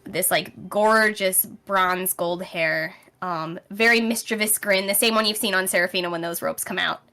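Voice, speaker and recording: Woman game master with a mid-range voice, casual and rambling as she narrates, soft music underneath. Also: mid-range voice, steady tone, normal speed. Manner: casual, rambling, with many fillers.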